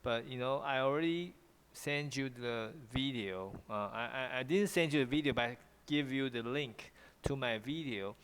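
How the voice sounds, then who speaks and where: A man's voice: medium pitch, normal speed, fairly bright tone, smooth, long reverb tail. A man with a Taiwanese accent teaching English pronunciation in an online class, often repeating himself and switching into Mandarin.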